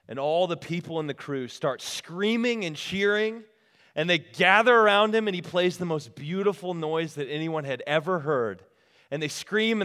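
Casual male retreat speaker with a slightly high voice, telling stories to his audience in a reverberant hall. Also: a bit bright, smooth. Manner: casual, storytelling, talks directly to the crowd. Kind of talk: sermon. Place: retreat meeting room.

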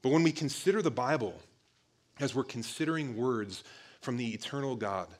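A man delivers a relaxed, conversational sermon in a mid-range voice. He keeps turning to the listeners with "guys" and often backs up to rephrase before pushing on. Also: mid-range voice, normal speed. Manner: conversational, repeatedly addresses listeners as "guys" with frequent restarts. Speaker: preacher. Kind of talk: casual youth sermon.

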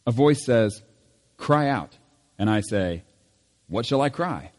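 A man serving as pastor, leading a church service with prayer and scripture reading, reading in a measured way and lifting his voice on key lines. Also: mid-range voice, lively intonation, darkish tone, in a large hall. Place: church sanctuary.

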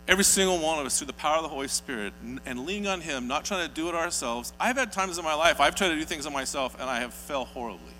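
A man's voice: on the high side, animated, quick pace, hardly any pauses, bright, forceful tone. A man preaching a sermon, telling stories earnestly and building to emphatic peaks. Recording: hall reverb with faint mains hum.

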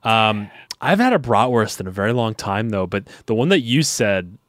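An easygoing man chats on a podcast, his pitch moving a lot as he talks. He swears casually and calls his friend dude. The recording is dry with no room sound. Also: big pitch swings, moderate pace, a bit bright, dry recording. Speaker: podcast co-host. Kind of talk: casual chat.

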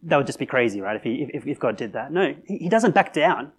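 A man's voice: mid-range voice, very animated, fast, husky. A man preaching a sermon in a conversational way, with fillers and restarts, building to emphatic peaks. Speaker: pastor.

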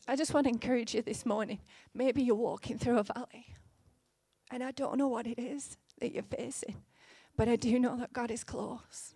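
A woman in her thirties preaching a sermon in an earnest, gently conversational way, with fillers here and there. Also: a little high, fairly even intonation, normal speed, slightly rough, no echo.

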